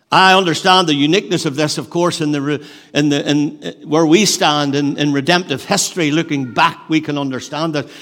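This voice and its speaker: A man preaching a sermon in an earnest way, building emphasis and then dropping to a hush, often restarting his phrases. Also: on the high side, steady tone, normal speed. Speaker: pastor. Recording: long hall reverb.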